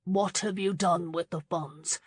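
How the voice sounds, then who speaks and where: A man's voice: sits high, fairly even intonation, measured pace, slightly rough, no room sound, clean studio sound, full character voice. A woman voicing an angry young nephew who speaks with barely contained, contemptuous rage. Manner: tight, contemptuous and controlled. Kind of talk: audiobook character reading.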